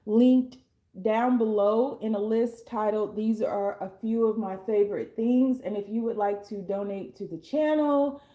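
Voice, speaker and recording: A young woman with a hoarse, fading voice, chatting casually and bluntly as she reads tarot cards, swearing now and then. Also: medium pitch, measured pace, warm tone. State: hoarse, losing her voice. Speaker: tarot reader and life coach.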